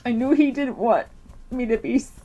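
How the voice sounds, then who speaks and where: A woman's voice: fairly high pitch, moderate pace, dark tone. A woman telling a personal story to camera, rambling with restarts and nervous laughter while tearful. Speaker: vlogger.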